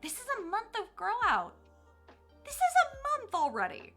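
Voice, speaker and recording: A woman's voice: very high voice, wildly swooping pitch, moderate pace, sharp tone, faint music behind. A young woman chatting to her viewers on a live stream, bubbly and gushing, laughing often.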